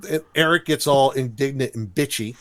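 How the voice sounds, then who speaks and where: A man co-hosting a podcast, recapping a cartoon episode in a lively, storytelling way and laughing as he goes. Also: medium pitch, moderate pace, slight background noise. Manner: animated storytelling, briefly imitates characters with laughs. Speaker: podcast co-host.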